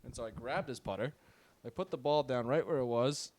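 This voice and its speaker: A man's voice: medium pitch, fairly quick, darkish tone. A young man casually telling a caddie story, laughing often and swearing freely as he acts out both sides. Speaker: golf caddie and podcast host.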